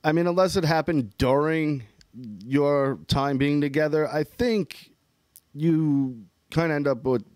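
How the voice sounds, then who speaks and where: A man's voice: fairly high pitch, a little slow, darkish tone, clear, resonant tone, no room sound. Laid-back man with a dry sound. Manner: laid-back, agreeable, chimes in with short replies. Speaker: co-host. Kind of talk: casual frank chat.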